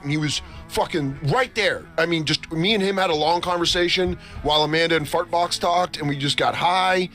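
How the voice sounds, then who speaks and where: A man's voice: fairly high pitch, moderate pace, few pauses, sharp tone. A man on a comedy talk show rambles through a long, profane story. He keeps stopping to act out what other people said. Faint music plays underneath. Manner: rambling, profane, acts out quotes. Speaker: comedy podcast co-host. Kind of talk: casual storytelling chat.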